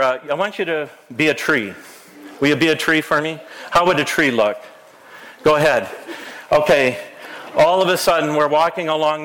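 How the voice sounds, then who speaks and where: Pastor guy doing a kids sermon in church, a bit high voiced, gets the kids acting stuff out. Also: fairly bright tone, poor audio. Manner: playful, coaxing children to act out the story. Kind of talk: children's sermon, interactive storytelling. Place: church sanctuary.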